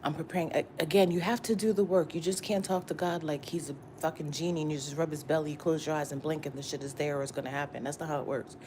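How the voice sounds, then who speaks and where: A woman's voice: low voice, steady tone, fast, few pauses, darkish tone, slight background noise. A woman tarot reader giving a casual morning pep talk to her viewers, slangy and profane, repeating herself for emphasis. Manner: repetitive and emphatic, often asking "you get what I'm saying?".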